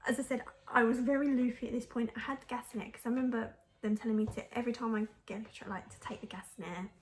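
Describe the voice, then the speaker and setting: A woman's voice: a little high, fairly even intonation, fast, a little hiss or hum. A young woman telling a personal story to camera in a frank, chatty way, laughing often and using lots of fillers. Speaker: mum vlogger.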